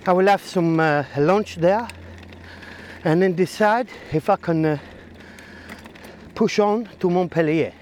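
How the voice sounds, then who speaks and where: Speaking slowly with frequent pauses in a high, slightly mellow voice, a man vlogs casually from his bicycle. He rambles and jokes about his ride and route across country roads and city, mocking himself and talking to himself, with faint traffic and outdoor noise in the background.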